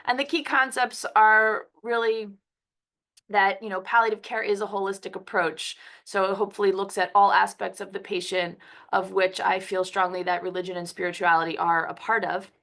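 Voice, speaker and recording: A woman's voice: medium pitch, a bit bright. A woman from Philadelphia, a physician who has a cold, giving a conversational webinar lecture over a computer mic. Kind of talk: webinar presentation.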